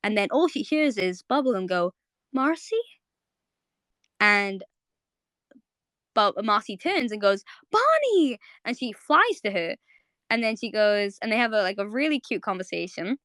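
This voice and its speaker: A young woman hosting a live audio chat on a home mic, rambling in quick bursts with lots of fillers and repeats. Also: mid-range voice, fairly bright tone, smooth, dry recording, studio quality. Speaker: host of a live audio space. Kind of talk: casual live chat to listeners.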